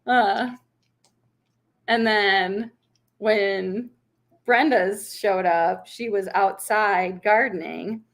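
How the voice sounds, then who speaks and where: A woman's voice: medium pitch, steady tone, drawn-out words, fairly bright tone. A young woman casually chatting on a livestream, laughing often and answering viewers' comments. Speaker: vlogger hosting a livestream.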